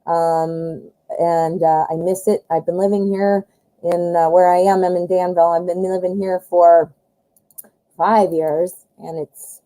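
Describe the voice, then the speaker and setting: Lady doing a live tarot stream, chatty and excitable, self-deprecating jokes, warm dark voice. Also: fairly low pitch, measured pace, rough recording. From western suburbs of Chicago, US.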